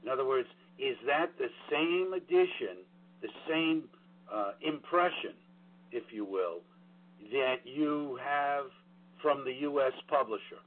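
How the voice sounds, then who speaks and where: A man's voice: medium pitch, expressive, unhurried. Blunt New York man on tinny radio. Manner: blunt, frank, full of fillers and restarts. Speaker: book royalty auditor. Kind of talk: radio call-in advice. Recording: tinny phone-like radio audio.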